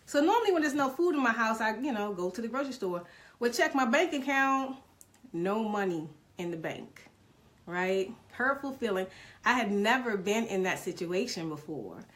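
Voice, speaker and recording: A woman's voice: fairly high pitch, big pitch swings, moderate pace, a bit bright. A middle-aged woman in a casual live stream, telling viewers about her hard times, emotional and calling them "y'all". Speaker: direct-sales business mentor.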